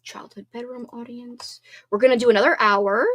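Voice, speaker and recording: A chatty woman hosting a live stream, bubbly and quick to apologize, with a nose stuffed up from talking too long. Her voice sits a little high and breaks into laughter now and then. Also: steady tone, a bit bright. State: congested, sniffling. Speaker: livestream host. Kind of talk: casual live-stream chat.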